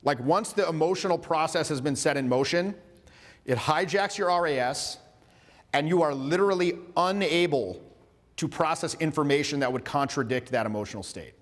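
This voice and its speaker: Animated male coach in a reverberant hall. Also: fairly high pitch, moderate pace. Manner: animated, acts out little dialogues, casual swearing. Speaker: social skills coach. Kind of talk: workshop lecture.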